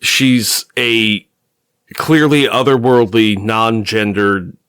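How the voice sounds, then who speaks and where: A man's voice: lowish voice, fairly even intonation, fairly bright tone, smooth, no echo. Sarcastic male podcast co-host, dry sound. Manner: sarcastic and jokey, with quick asides. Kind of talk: casual comic-book podcast chat.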